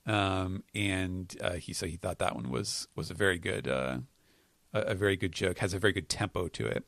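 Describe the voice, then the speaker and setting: A man's voice: low-pitched, normal speed, fairly bright tone, no echo, clean studio sound. A man hosting a casual podcast chat, explaining things hesitantly with many fillers and restarts. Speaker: podcast host. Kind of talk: casual chat recapping comics.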